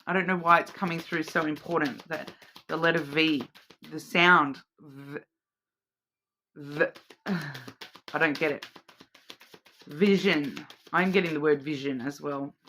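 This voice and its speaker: A woman's voice: low voice, fairly even intonation, slow pace, long pauses, sharp tone, a little hiss or hum. A woman giving a weekly oracle card reading as host, musing aloud, repeating words as she searches for meaning, and checking in with the listener. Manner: addresses the listener directly, checking in with "okay?". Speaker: card reader.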